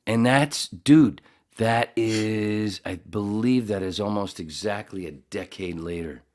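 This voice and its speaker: A man's voice: fairly low pitch, takes it slowly, a little mellow. A man hosting a podcast in casual chat, joking and rambling and swearing often. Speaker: podcast host.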